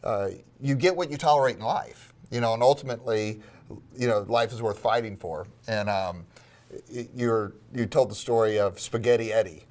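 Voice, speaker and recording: Enthusiastic halting male host. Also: mid-range voice, a little mellow. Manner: enthusiastic, halting, filler-heavy. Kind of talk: casual interview.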